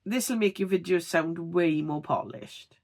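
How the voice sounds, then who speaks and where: A woman giving a tutorial vlog on speaking clearly, expressive and deliberately over-articulating her words. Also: on the low side. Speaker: video creator teaching on-camera speaking.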